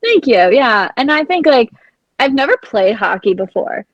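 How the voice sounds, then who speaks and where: A young adult woman telling a story as a podcast guest, rambling and excitable, with "like" filling nearly every phrase. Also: on the high side, moderate pace, no room sound, highs cut off. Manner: excitable, acts out her own past panic. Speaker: blind hockey program founder, guest. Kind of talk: casual storytelling in an interview.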